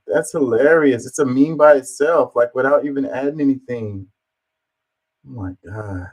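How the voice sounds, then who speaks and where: A man's voice: medium pitch, unhurried, long pauses, a little mellow, rough recording. A man giving casual, amused reaction commentary on video clips, with a laid-back delivery and lots of fillers.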